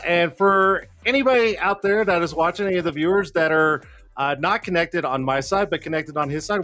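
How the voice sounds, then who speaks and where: A man with a high, fairly bright voice hosts a casual live stream, talking loosely and swearing freely while a little out of breath. Faint music plays in the background.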